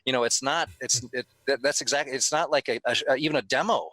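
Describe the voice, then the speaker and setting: A middle-aged man talking as a guest in a casual podcast chat, emphatic and animated, with lots of restarts and the odd swear word. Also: mid-range voice, quick pace, no room sound, poor audio. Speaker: convention owner, guest.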